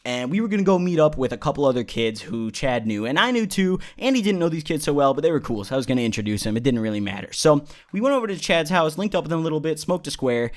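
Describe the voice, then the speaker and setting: A man's voice: fairly high pitch, very animated, quick pace, hardly any pauses. A young man vlogging a casual, rambling, profane story with lots of energy.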